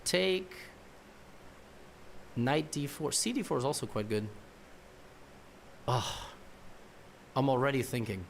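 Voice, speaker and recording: Animated man thinking aloud over a chess game. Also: mid-range voice, slow, gravelly, pauses often, slight background noise. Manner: muttering to himself, repeating words as he calculates; wry teasing banter at the opponent. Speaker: chess streamer.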